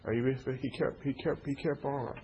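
A man's voice: medium pitch, steady tone, fairly quick, muffled recording, slight background noise. A man preaching an informal sermon, stammering through repeated words and checking in with his listeners. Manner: stammering repetitions, call-and-response asides.

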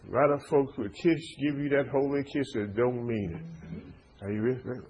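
A man's voice: medium pitch, normal speed, a little mellow, a little hiss or hum, low-quality recording. A man preaching an informal sermon, stammering through repeated words and checking in with his listeners. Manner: stammering repetitions, call-and-response asides.

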